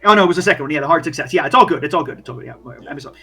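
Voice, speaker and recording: A man's voice: fairly high pitch, expressive, rapid-fire, sharp tone, husky, soft background music. A man narrating as game master in a chatty way, full of "like" and "you know". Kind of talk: casual tabletop game narration.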